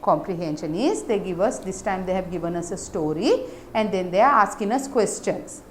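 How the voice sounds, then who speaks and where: A woman's voice: medium pitch, expressive, normal speed, slight background noise. A woman teaching an English lesson to young children, explaining patiently and checking understanding with tag questions. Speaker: primary school teacher.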